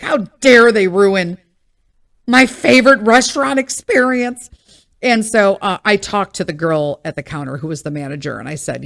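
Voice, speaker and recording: A woman hosting a podcast, telling a story in a casual, profane and exasperated rant. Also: mid-range voice. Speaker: podcast host.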